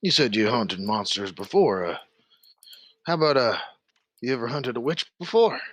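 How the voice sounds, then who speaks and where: A man voicing a gruff male mercenary recruiter and gambler who talks in a folksy drawl, low and hushed. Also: animated, normal speed, no echo. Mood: wary.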